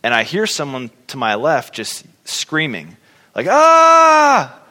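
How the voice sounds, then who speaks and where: In a long, reverberant hall, a man gives a casual testimony about his faith, acting out reactions and leaning on fillers. He sounds animated yet unhurried, with a medium pitch and a sharp tone.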